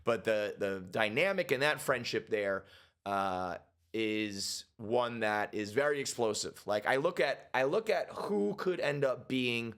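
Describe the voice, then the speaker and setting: A man in the middle pitch range talks through a TV episode in a loose, chatty way. He swears freely and jumps into quick impressions of the characters' lines. It sounds like an unscripted reaction video. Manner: animated, acts out characters' lines in quick voices. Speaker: TV show reviewer. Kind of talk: reaction and breakdown commentary.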